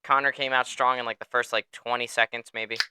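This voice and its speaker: A man hosting a casual sports podcast, telling stories in an animated way, swearing freely and laughing often. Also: medium pitch, fairly quick, background noise. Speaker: podcast host.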